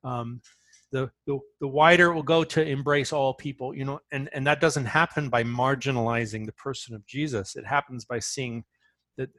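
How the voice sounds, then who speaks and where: A man's voice: medium pitch, steady tone, normal speed, a bit bright, no echo. A man speaking as an author in an interview, talking earnestly and often restarting his phrases as he tells a story.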